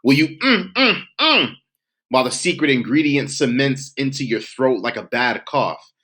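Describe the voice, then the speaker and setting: A man in a middle pitch range delivers spoken word poetry. His reading is rhythmic and emphatic, leaning into a steady, cadenced pulse from line to line. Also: moderate pace. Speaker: poet. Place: home, virtual showcase submission.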